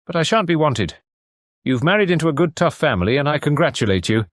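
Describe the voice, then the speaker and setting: A man voicing a brisk, cheerful family doctor in an audiobook, talking breezily. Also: fairly high pitch, very animated, no room sound, studio quality, pitched above the performer's own voice.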